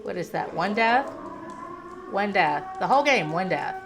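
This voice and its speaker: A woman doing gameplay commentary who shouts frantic commands at her character, swears a lot, and talks calmer and self-deprecating between fights. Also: mid-range voice, unhurried, background noise.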